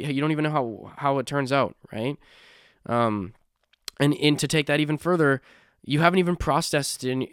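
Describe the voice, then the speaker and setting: A man's voice: mid-range voice, a bit bright, smooth, dry recording, clean studio sound. A young man hosting a casual solo podcast, rambling with restarts and apologetic asides. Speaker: podcast host.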